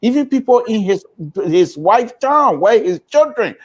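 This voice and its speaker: A man speaking on a radio panel, measured and hesitant with frequent fillers. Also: very high-pitched, sing-song.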